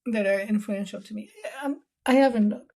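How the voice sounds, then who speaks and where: A woman's voice: medium pitch, brisk, creaky, mellow. A woman co-hosting a podcast in casual chat, easygoing, often answering briefly. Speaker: podcast guest co-host.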